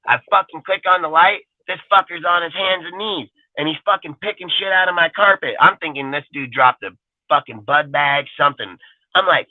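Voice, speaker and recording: A man's voice: fairly high pitch, normal speed, no room sound. Crude, swearing man on a tinny line. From Northern California. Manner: loud, crude, constant swearing. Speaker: podcast co-host. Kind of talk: profane casual storytelling.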